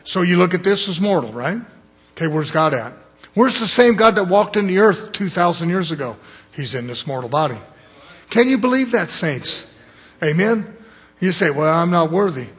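Husky high-voiced guy preaching hard, keeps repeating lines to drive it home. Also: sing-song, moderate pace. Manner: emphatic, repeats phrases for stress. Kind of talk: sermon.

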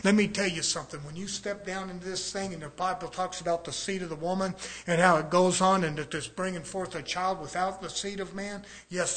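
Pastor, high voice, folksy and fervent, swells to loud preaching. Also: male voice. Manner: folksy, rhetorical questions to the congregation. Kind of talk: sermon.

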